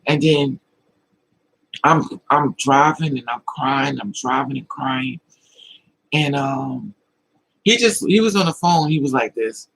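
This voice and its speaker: A man's voice: medium pitch, takes it slowly, creaky, long pauses, fairly bright tone, slightly rough, rough recording. A man hosting a livestream, telling personal stories with emotion and replying to chat comments in a confiding way. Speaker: livestream host. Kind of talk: casual livestream talk, answering chat.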